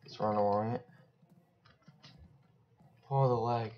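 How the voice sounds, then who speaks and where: This is a young man in the middle of casual gameplay commentary, wandering from one topic to the next in relaxed slang. His voice sits at an ordinary male pitch. It comes through a slightly muffled, lo-fi desk microphone. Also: normal speed. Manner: rambling, joking, slangy, mumbles while typing. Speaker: gaming YouTuber. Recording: slightly dull lo-fi mic.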